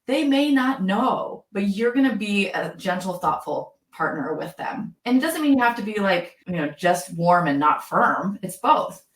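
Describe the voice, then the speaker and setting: A woman's voice: medium pitch, moderate pace, few pauses, echoey room. A woman, a school psychologist, explaining things animatedly in an interview and acting out teacher and student voices as she goes. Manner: expressive, acts out teacher and student voices, laughs often. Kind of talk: animated interview talk with acted-out examples.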